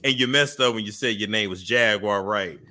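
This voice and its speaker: A man's voice: fairly low pitch, brisk, bright, forceful tone. A man hosting a gossip show, mocking a played phone call, laughing and repeating the caller's words in a put-on voice. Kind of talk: commentary over a played call.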